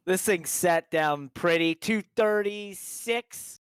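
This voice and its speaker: A man hosting a live racing stream, pitched a touch high with a smooth, polished tone. He calls each lap with mounting excitement and keeps repeating his favorite hype phrases. The sound is dry and close, with no room around it. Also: slow, no echo. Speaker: sim racing broadcast host. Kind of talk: live race commentary.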